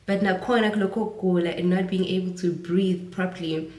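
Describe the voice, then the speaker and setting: A woman's voice: fairly low pitch, steady tone, fairly quick, a little mellow. A young South African woman vlogging casually, reflective and switching between English and Zulu phrases, a Zulu speaker. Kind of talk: casual talking to camera. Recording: roomy audio from a distance.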